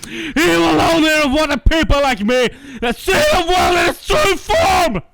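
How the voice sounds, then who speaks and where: A man voicing an edgy, bitter young villain who rants about dark power. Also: very high-pitched, big pitch swings, a little slow, vocal fry, very noisy, voice pushed up, heavily acted. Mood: menacing. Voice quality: yelling, overblown menace. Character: edgy ranting young male villain, bitter and self-important.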